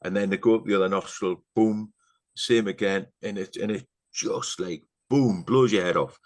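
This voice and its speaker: A middle-aged man from England, a podcast guest telling a story in casual chat, rambling through fillers and asides and often dropping to a hushed, earnest voice. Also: lowish voice, moderate pace.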